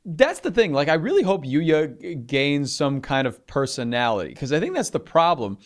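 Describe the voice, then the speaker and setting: A man's voice: on the high side, big pitch swings, moderate pace. A man co-hosting a podcast, chatting casually and animatedly, swearing freely. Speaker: podcast co-host.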